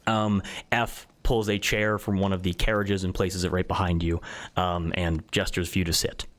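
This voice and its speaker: A man narrating as game master of a tabletop game, describing scenes in a relaxed, descriptive way with many fillers. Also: sits low, moderate pace.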